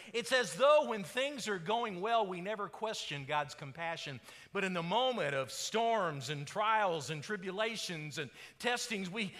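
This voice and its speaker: A man preaching a sermon, telling the story dramatically, building to loud cries and then falling to a hushed voice. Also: high voice, animated, moderate pace, in a large hall. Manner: dramatic storytelling, rising to shouts and dropping to hushed tones.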